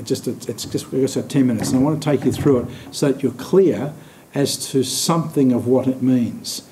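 A man teaching a Bible study in a warm, mellow voice. He talks in a halting, thoughtful way with fillers and restarts, and he slows down on key words. The recording sounds roomy and echoey, with a faint low rumble behind him. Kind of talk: teaching, explaining scripture.

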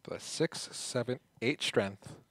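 A man's voice: medium pitch, slow, a bit bright, no room sound. A man playing a tabletop game with a friend, answering rules questions and joking around. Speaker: co-player. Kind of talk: casual tabletop game play.

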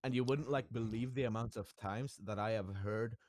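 A young man with a Finland Swedish accent reads out viewer questions on a live stream and answers in easygoing, swearing banter. His voice is mid-pitched, and the sound is dry and close. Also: moderate pace, a little mellow, no room sound. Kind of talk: casual live-stream chat.

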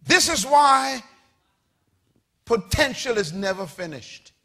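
A male preacher with a very high, ringing voice delivers an emphatic sermon. His pitch swoops widely as he leads call-and-response with the congregation. He spells out key words and climbs to shouted peaks. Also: lively intonation, slow, vocal fry.

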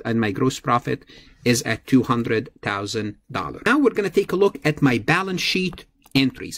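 A man's voice: mid-range voice, breathy edge, dry recording. A man teaching an accounting lecture, explaining each step and repeating key figures, with frequent small self-corrections. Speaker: accounting instructor. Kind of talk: recorded lecture.

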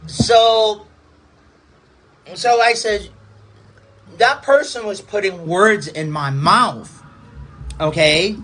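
A man, a pastor, telling a personal testimony in a halting, repetitive way, circling back over the same phrases. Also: high voice, pushed and bright, rough recording.

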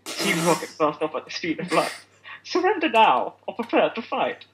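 A man's voice: sits high, huge pitch swings, moderate pace, a bit bright, slight background noise, exaggerated voice, rough recording. A man declaiming a cartoon villain gang's motto in a theatrical, swooping delivery.

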